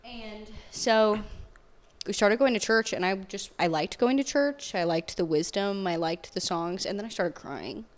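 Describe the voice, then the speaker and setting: A young woman telling a personal story in casual podcast conversation, animated and peppered with "like". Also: medium pitch, unhurried. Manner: animated storytelling, heavy use of "like".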